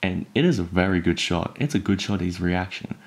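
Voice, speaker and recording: A man with a low voice talks through a comic chapter in a loose, casual way. He rambles and leans on fillers, and he gets worked up as he retells the fight scenes. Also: expressive, brisk. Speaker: manga recap YouTuber. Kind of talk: casual spoken recap.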